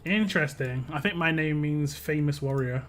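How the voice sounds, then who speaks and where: A rambling British man hosting a live game stream, his voice sitting a little high for a man. He chats casually with viewers, often breaking off and restarting his sentences. Faint keyboard clatter and a light hiss sit behind him. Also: normal speed, fairly bright tone. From United Kingdom. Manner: rambling, self-interrupting, chatty with viewers. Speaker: live-stream gaming host. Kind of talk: casual chat while playing a game.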